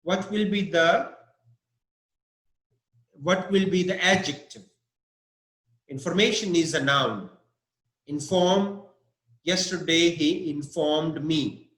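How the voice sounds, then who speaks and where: Slow, patient man teaching vocabulary. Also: on the high side, a bit bright, echoey room. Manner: slow, patient, spells words out letter by letter. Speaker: English teacher. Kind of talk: online vocabulary lesson.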